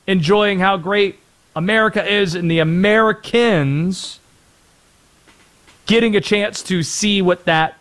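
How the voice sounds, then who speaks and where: A man hosting a sports talk radio show, animated and joking, sometimes putting on silly voices. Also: high voice.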